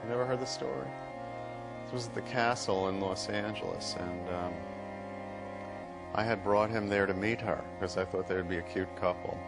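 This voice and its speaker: Low-voiced man, dry casual raconteur, with heavy music playing under him. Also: moderate pace, vocal fry. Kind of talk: casual anecdote.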